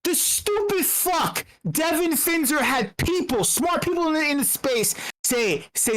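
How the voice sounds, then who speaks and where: Fired-up woman swearing up a storm in a voice chat, kinda high voice, keeps repeating herself. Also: lively intonation, a little slow, hardly any pauses, low-quality recording. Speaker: speaker at a community meetup. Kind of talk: heated profane rant in a voice chat. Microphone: online voice channel.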